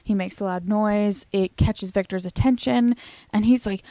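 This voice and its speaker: A young woman talks through a teen show recap with chatty, animated energy and the odd curse. Her voice sits at an ordinary middle pitch. The sound is dry and close, with no room around it. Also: normal speed, no room sound. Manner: chatty, animated, swears casually. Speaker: recap vlogger. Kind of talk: casual TV recap commentary.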